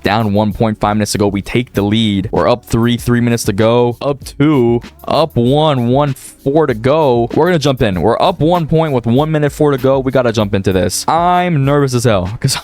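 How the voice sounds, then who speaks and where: A young man giving casual, excitable commentary on a basketball video game simulation, calling plays and fretting over results. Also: dry recording. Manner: excitable, nervous play-by-play with big pitch jumps. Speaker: gaming YouTuber.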